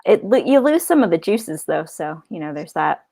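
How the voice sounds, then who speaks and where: A woman's voice: on the low side, sing-song, moderate pace, mellow. A woman co-hosting a podcast in casual chat, joking and laughing often. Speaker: podcast co-host.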